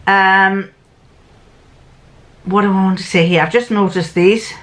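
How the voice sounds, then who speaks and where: A woman's voice: medium pitch, steady tone, measured pace, a bit bright. An older woman, chatting casually to camera as a sewing vlogger. She rambles and often restarts or corrects herself mid-sentence.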